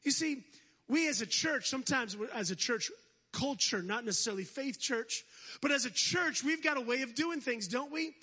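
A man's voice: very high-pitched, normal speed, sharp tone, breathy edge. A man preaching as a guest speaker at a church service, exhorting the congregation, calling for responses and adding humorous asides. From United States. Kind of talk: energetic sermon.

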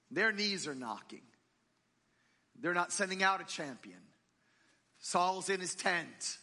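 A man preaching a sermon in a church, telling a story in a lively, conversational and humorous way. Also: high-pitched, slow pace, long pauses, in a large hall. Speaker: pastor.

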